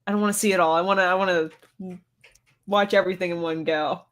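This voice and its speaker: A woman's voice: lowish voice, fairly even intonation, fast. Chatty woman co-hosting a podcast. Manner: chatty, lots of "like" fillers. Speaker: podcast co-host. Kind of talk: casual chat.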